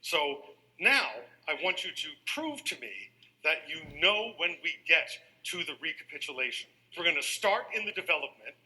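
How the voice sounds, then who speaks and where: A man lecturing on music to a live audience, with a high, piercingly bright voice. He talks with animated energy and gets the audience counting beats and chanting rhythms along with him. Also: rough recording.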